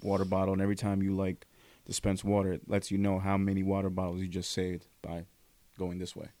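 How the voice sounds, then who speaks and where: Young male podcast co-host, very low and even delivery, dry close mic, relaxed profane rambling. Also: fast talker, no echo. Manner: laid-back, profane, rambling with fillers. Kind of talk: casual chat.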